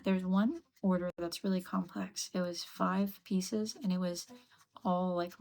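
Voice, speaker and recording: A woman's voice: lowish voice, vocal fry, darkish tone, low-quality recording. A woman chatting casually on a live stream as she works on a craft piece, often murmuring encouragement to herself. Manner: murmurs to herself, self-coaching. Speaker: craft livestreamer. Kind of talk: casual live-stream chat while working.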